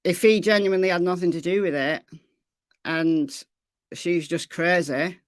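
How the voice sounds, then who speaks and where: A woman's voice: lowish voice, fairly even intonation, a little slow, no echo. Woman host with a Lancashire accent, chatty and repetitive, dry close-mic sound. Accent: Lancashire English. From Lancashire, England. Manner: chatty, repeats phrases, reads chat aloud. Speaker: true crime livestream host. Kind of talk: casual livestream chat answering viewers.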